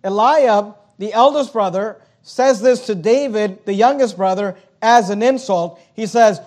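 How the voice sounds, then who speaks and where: High-pitched guy preaching, reads scripture then breaks it down, earnest. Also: a little slow, few pauses, a little mellow. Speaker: pastor. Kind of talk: sermon.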